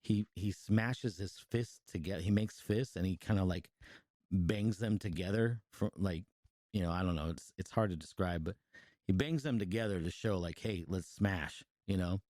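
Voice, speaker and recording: A man with a somewhat low voice talks through a film's plot in loose, cursing podcast chat. He trips over restarts and "like"s as he goes. The sound is dry and close, with no room around it. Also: normal speed, mellow, no room sound. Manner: rambling and profane, full of fillers and restarts, laughs while telling. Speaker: podcast co-host reviewing a movie. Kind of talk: casual chat, retelling a film.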